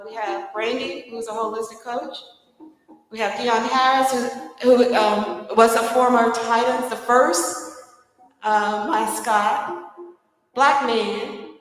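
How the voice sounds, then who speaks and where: A woman emceeing a live community event in a church hall, chatty and lively, laughing between remarks. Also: fairly high pitch. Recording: echoey hall with long reverb.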